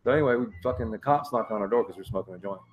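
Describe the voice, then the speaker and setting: A man's voice: on the low side, very fast, dull audio, a little hiss or hum. A man, a show host, telling a crude story in casual chat, swearing often and acting out the voices of people in it. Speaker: podcast host.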